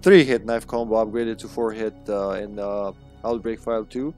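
A man's voice: fairly low pitch, steady tone, normal speed, a little mellow, soft background music. A man giving joking, sarcastic commentary while playing a video game on a live stream. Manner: jokey, sarcastic, laughs often. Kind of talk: casual gameplay commentary.

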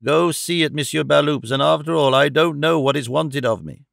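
A man's voice: a little high, normal speed, gravelly, a bit bright, no room sound, clean studio sound. A man reading the part of a bewildered old vagrant prisoner who protests bluntly and rambles in an audiobook. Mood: pleading.

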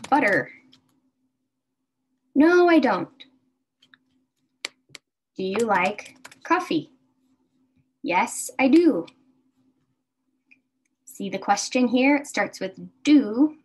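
A woman teaching a beginner English class, speaking slowly and carefully and repeating words for her learners. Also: mid-range voice, slight background noise. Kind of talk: slow beginner English lesson.

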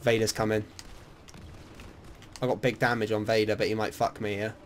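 Excitable young gamer guy. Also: on the low side, normal speed, slight background noise. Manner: excitable, swears freely, laughing banter. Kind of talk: casual gaming commentary.

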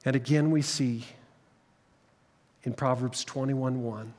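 A man preaching a sermon, telling the story dramatically and dropping to hushed tones at tense moments. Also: mid-range voice, steady tone, slow pace, long pauses. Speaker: pastor. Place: church sanctuary. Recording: long reverb of a church hall.

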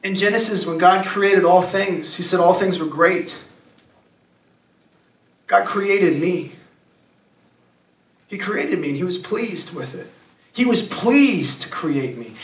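High-voiced young man preaching, echoey. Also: expressive. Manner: emphatic, conversational preaching with slowed scripture reading. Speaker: youth pastor. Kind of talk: youth sermon. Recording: echoey room, distant mic.

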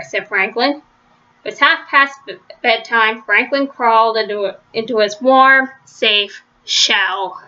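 A woman reading a children's story aloud, gentle, with small slips and restarts, on a slightly lo-fi recording. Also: on the high side, slow. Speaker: storybook reader.

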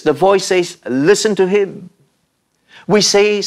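A man preaching a sermon, slow and measured, with dramatic pauses and repeated refrains. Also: high-pitched. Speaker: pastor.

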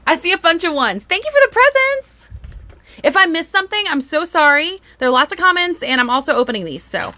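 A woman's voice: very high voice, big pitch swings, a little fast, pushed and bright. A young woman, chatting bubbly on a live stream as she unboxes toys and greets viewers.

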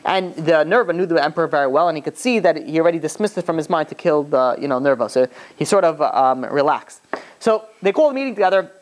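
A rabbi tells a story in a loose, conversational lecture, his voice a little high and fast with hardly any pauses. He brings the tale to life by acting out the characters' quoted lines, often dropping in "you know."

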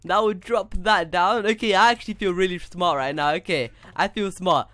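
A young man giving casual, excitable commentary while playing a block-building game, talking to himself as he goes. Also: high-pitched, moderate pace, no room sound. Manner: excitable, talks to himself, says dude a lot. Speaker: gaming YouTuber. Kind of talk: casual Minecraft gameplay commentary.

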